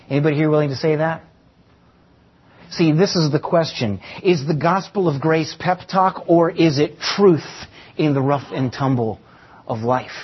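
A pastor with a fairly high, breathy-edged voice preaches to his church congregation at a moderate pace, asking rhetorical questions and repeating key phrases for emphasis. The recording sounds dull and lo-fi.

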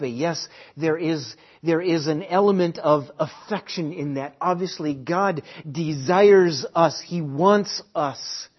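A man preaching a sermon at a church service. He repeats key phrases and swings between quiet and loud delivery. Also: on the high side, husky. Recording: dull lo-fi sermon recording.

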